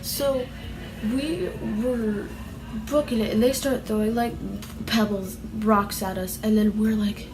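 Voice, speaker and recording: A woman's voice: on the high side, fairly even intonation, slow pace, music in the background. A woman telling a story casually in a vlog, rambling and full of "like" fillers, restless as she talks. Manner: rambling, heavy use of "like" fillers; restless, fidgety while telling. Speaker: vlogger.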